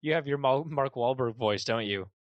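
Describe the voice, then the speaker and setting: In lo-fi sound with no room sound, a young man in his 20s speaks at a moderate pace and medium pitch. As a podcast co-host in casual chat, he laughs frequently, pokes fun at his friend, and steers things back to the news.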